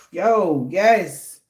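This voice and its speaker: Woman reader, casual spiritual reading, blunt and profane, slangy, in a roomy echoing space. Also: on the low side. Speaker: tarot reader.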